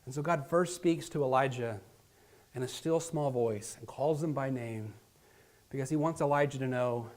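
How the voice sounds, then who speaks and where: Earnest pastor, loud then hushed. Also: male voice, mid-range voice, moderate pace. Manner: dramatic, swings from loud emphasis to hushed near-whispers; earnest, direct address to listeners. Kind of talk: sermon.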